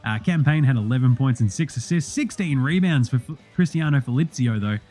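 A young Australian man hosting a sports podcast, rattling through results in a profane, excitable, joking way. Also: mid-range voice, fairly quick, soft background music. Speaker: podcast host.

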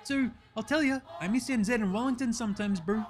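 A man's voice: very high-pitched, a little fast, a little mellow, pitched above the performer's own voice. A man voicing a laid-back young New Zealand basketball player with a drawling New Zealand accent who says bro and eh constantly. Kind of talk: comedy sketch.

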